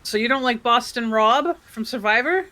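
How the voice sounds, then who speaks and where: A woman teasing the streamer with short, quick quips. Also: a little high, sharp tone.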